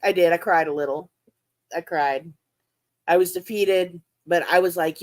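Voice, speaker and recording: A woman, hosting her aquarium vlog and chatting casually, laughing often and jumping into high-pitched reenactments of her own reactions. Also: moderate pace, long pauses. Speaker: aquarium channel host. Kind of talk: casual chat to livestream viewers.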